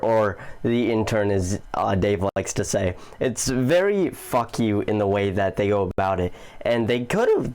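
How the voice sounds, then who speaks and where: A man's voice: on the low side, darkish tone. A man hosting a casual video commentary. He talks in a goofy, loose, profane way and chuckles often. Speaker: commentary channel host.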